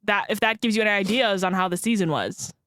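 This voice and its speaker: A woman's voice: medium pitch, quick pace, fairly bright tone, no echo. A young woman co-hosting a college radio podcast, casual and playful, often giggling and repeating her co-host's words. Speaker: podcast co-host. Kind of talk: casual chat.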